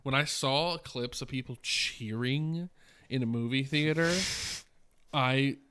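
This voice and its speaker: A man's voice: mid-range voice, takes it slowly, pushed and bright, smooth. A man in his twenties co-hosting a podcast, telling rambling, profane stories full of fillers. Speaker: podcast co-host. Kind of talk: casual podcast chat.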